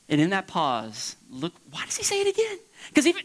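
A man from Florida preaching as a pastor, leaping up high for emphasis and dropping to a soft hush for reflection. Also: wildly swooping pitch, fast talker, few pauses, poor audio. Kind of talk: sermon.

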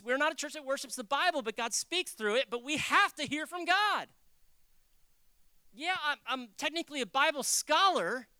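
Bright-voiced pastor preaching in a dry room. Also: male voice, very high voice, clean tone, dry recording. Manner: conversational preaching, swinging between loud acted quotes and hushed asides. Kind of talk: sermon.

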